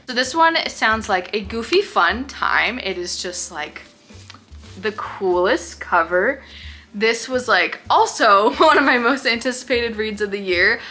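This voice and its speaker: Bubbly, bright-voiced woman book vlogger. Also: fairly high pitch, measured pace, a little hiss or hum. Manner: excitable, gasping and squealing at each pick. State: out of breath. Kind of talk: casual reading vlog.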